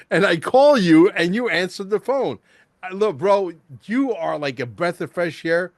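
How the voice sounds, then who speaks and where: A male host in casual interview chat, excitable and rambling, peppering his talk with "bro" and "like". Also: sits high, moderate pace, no room sound, studio quality.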